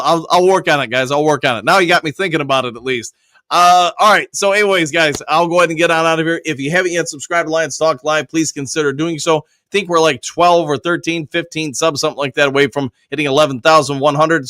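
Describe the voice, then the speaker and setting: A man's voice: fairly high pitch, fairly bright tone, no room sound. Man hosting a live stream, reading chat. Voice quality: audible lip smacking. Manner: reads chat comments aloud and answers them, many fillers. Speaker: host reading viewer chat.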